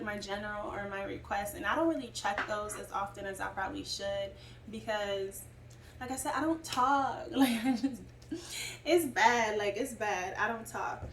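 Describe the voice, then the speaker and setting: A woman's voice: mid-range voice, a bit bright, far from the mic. A young woman telling a personal story in a chatty, rambling way, full of asides. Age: young adult. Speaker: vlogger. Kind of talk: casual storytime. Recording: roomy, away from mic, faint noise.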